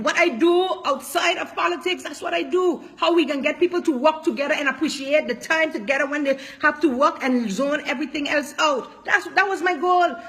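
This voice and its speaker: A woman's voice: high voice, fairly bright tone. A woman politician giving an impassioned, emotional public statement, speaking emphatically and repeating her points.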